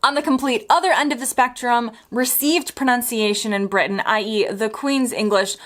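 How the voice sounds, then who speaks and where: A woman's voice: a little high, normal speed, a bit bright. An American woman teaching the differences between accents in a chatty, playful way, drawing out her example words. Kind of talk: explainer video.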